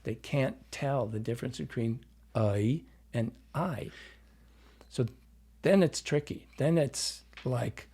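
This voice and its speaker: A man from Iowa working as a dialect coach, telling animated stories as a podcast guest and acting out the dialogue he quotes. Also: medium pitch, measured pace, creaky, breathy edge. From Iowa, US Midwest. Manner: animated storyteller who acts out quoted dialogue. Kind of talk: casual podcast storytelling.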